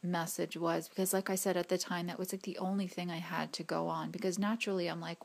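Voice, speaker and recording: A woman speaks in a fairly low register with a lot of fry in her voice. She tells a personal spiritual story to her viewers, looping back, restarting her sentences and sometimes dropping to a near whisper. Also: level tone, quick pace, few pauses. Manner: rambling, restarts, many fillers, drops to a whisper at times. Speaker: spiritual reader and vlogger.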